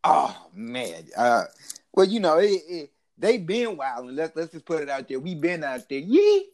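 A man from Oakland co-hosting a podcast, telling stories in casual banter, laughing often and breaking into loud shouts. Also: on the high side, animated, moderate pace. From Oakland, California. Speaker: podcast co-host.

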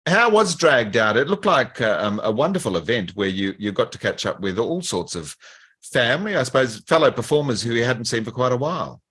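A man's voice: medium pitch, expressive, brisk, breathy edge. A man hosting an interview over a video call, asking questions with many hesitations and fillers. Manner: warm greetings, hesitant with many fillers and restarts. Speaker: interview host. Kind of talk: casual interview chat.

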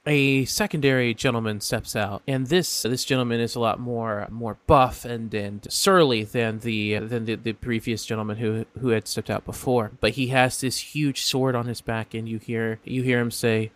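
A man's voice: medium pitch, fairly even intonation, normal speed, hardly any pauses, a bit bright, dry recording. A man narrating a tabletop game as game master, in a rambling manner with many fillers and restarts. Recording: dry, close mic.

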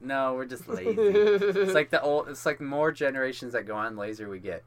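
A man co-hosting a podcast, teasing with crude, quick comebacks in casual banter. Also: mid-range voice. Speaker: podcast co-host.

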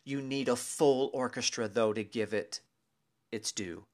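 A man's voice: mid-range voice, unhurried, lightly acted. A man voicing his neighbor, a friend who chooses his words carefully and hesitantly. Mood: measured critique. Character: cautious, candid male friend and neighbor.

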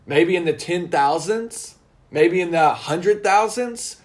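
A man chats casually and bluntly, his voice swinging up and down with emphatic, indignant stresses. His voice sits a little high for a man. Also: animated, slow pace. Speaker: co-host. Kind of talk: casual reaction chat.

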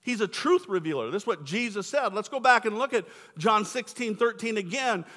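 A man's voice: sits high, animated, fairly quick, bright, forceful tone. A young man preaching a sermon as pastor, enthusiastic and casual with slangy asides. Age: young adult. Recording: echoey hall.

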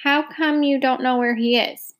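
A woman reading aloud, voicing a caring teenage boy who talks to his friend directly and scolds her gently. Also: high-pitched, fairly even intonation, moderate pace, natural voice. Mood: probing.

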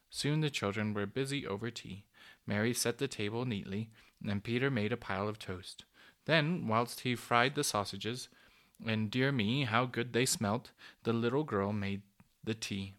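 Man reading a children's story aloud. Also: mid-range voice. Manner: gentle, unhurried, with small slips and rereads.

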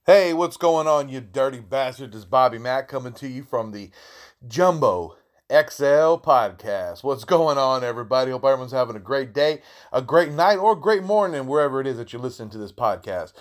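Profane rambling podcast host. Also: male voice, medium pitch, expressive, a little fast. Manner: profane, rambling, slangy, with many restarts. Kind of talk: casual storytelling monologue.

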